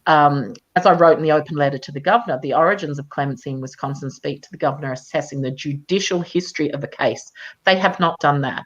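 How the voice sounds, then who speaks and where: A woman with a low voice speaks over a video call that sounds dull and lo-fi. She talks in a measured, emphatic way, with frequent ums and restarts as she argues her point. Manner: measured, emphatic, many fillers. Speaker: campaigner. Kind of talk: live chat interview.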